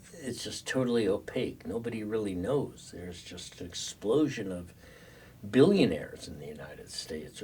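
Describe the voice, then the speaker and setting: A man's voice: fairly low pitch, darkish tone, husky, far from the mic. An older man giving a conversational classroom lecture as a social work professor, full of fillers and restarts.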